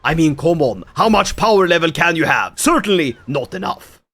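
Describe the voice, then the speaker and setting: A man giving jokey gameplay commentary, now and then breaking into shouted battle cries and silly voices. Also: on the high side, animated, normal speed. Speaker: gaming YouTuber.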